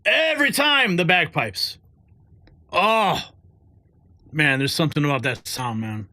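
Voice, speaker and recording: A man's voice: a little high, expressive, slow, bright, forceful tone, no echo. A male show host doing live commentary over played clips, with effusive, sentimental reactions.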